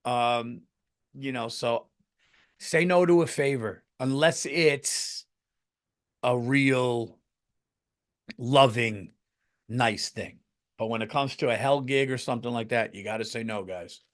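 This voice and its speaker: A middle-aged comedy podcast host tells stories casually and with animation, swearing freely and breaking into loud, acted-out quotes. His voice is medium in pitch, his pace slow, with long pauses.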